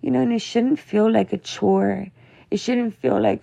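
A woman's voice: a little high, lively intonation, measured pace, gravelly, mellow. A young woman talking to her viewers as a mother, venting in a casual, rambling, emotional way, full of "like" and "you know.". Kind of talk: casual confessional monologue.

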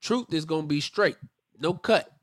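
A man hosting a call-in talk show, calm and agreeable as he answers a caller. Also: fairly high pitch, normal speed, no room sound, clean studio sound. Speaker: host.

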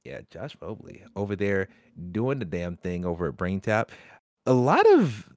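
A man hosting a casual gaming podcast, talking excitedly and often breaking into laughter. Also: lowish voice, moderate pace, no echo, studio quality. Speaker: podcast host. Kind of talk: casual chat.

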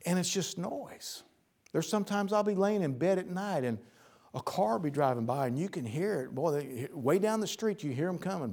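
A preacher man delivering a sermon, his voice sitting a little high for a man. He speaks in plain, folksy phrases and repeats words for emphasis. He climbs to loud, emphatic bursts, then sinks to quiet, low lines. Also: lively intonation, normal speed.

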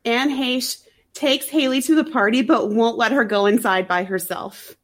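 A woman's voice: fairly high pitch, fairly even intonation, normal speed. Podcast co-host, female, slightly sick-sounding voice, wry chatty movie recap. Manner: chatty, wry, laughs often. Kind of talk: casual chat recapping a movie.

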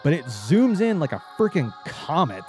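A man chatting casually with a co-host as he recaps a video game's story, his pitch jumping when he gets excited. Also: normal speed, soft background music. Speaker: podcast co-host.

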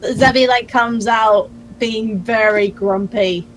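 A woman's voice: a little high, steady tone, slow, low-quality recording. A woman playing a tabletop game, exasperated and swearing often in casual chat. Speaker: player.

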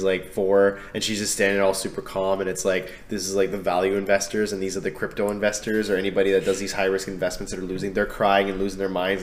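A man, co-hosting a podcast, telling lively stories in casual chat and acting out what friends said. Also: deep voice, a little hiss or hum. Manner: lively storyteller, acts out friends' lines. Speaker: podcast co-host.

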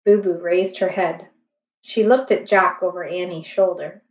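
A woman reading a children's chapter book aloud in a slow, gentle, expressive way. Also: fairly low pitch. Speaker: storybook reader. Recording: echoey room, distant, slightly dull.

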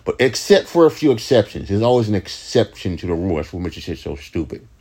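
A young man with a low voice, rambling in a profane, ranting late-night podcast monologue. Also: big pitch swings, fast talker, darkish tone, slightly rough. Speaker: podcast host, rapper.

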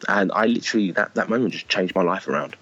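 Blunt bloke, middle-aged, low raspy voice, swears freely, dull lo-fi sound. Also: male voice, fast, a bit bright. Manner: emotional, blunt, swears, calls people mate. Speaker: charity fundraiser guest. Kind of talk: candid interview talk.

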